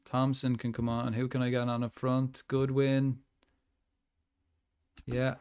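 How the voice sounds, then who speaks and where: A man's voice: medium pitch, completely flat delivery, slow pace, a little mellow, clean tone. A young man chatting casually while commentating his own football management game, rambling with lots of asides. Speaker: gaming streamer.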